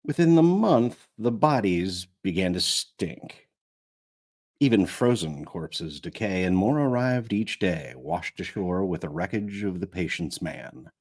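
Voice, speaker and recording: A man's voice: sits low, expressive, measured pace, a little mellow. A man narrating an audiobook live, going back over lines when he stumbles. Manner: rereads lines after stumbles. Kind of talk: reading an audiobook aloud.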